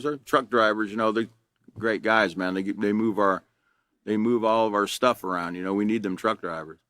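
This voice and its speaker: A man's voice: medium pitch, bright, forceful tone, no room sound, studio quality. A middle-aged man, teaching an anger management class in a casual, conversational way and asking his students questions.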